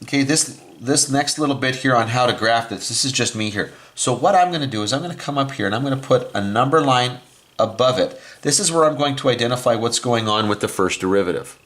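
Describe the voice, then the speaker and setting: A man walks through a math lesson step by step, thinking aloud as he works at the board. He often catches his own slips and corrects them mid-sentence, with many "okay"s along the way. His pitch sits in an ordinary middle range for a man. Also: lively intonation, quick pace, fairly bright tone. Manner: explains step by step while writing on a board. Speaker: math teacher.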